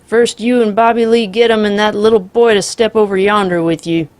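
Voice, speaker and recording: A woman voicing a soft-spoken male outlaw with a drawl, polite and menacing. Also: mid-range voice, steady tone, fairly quick, dry recording, pitched above the performer's own voice, lightly acted. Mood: calm menace.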